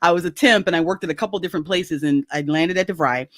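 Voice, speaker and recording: A woman telling a story in casual chat, recorded dry and close on a video call. She talks animatedly, laughs often and swings her pitch widely as she acts out quoted voices. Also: fast talker, no echo. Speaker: guest.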